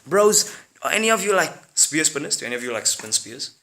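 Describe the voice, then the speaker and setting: A man voicing an eager, excitable young male villager. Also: a little high, fairly quick, exaggerated voice.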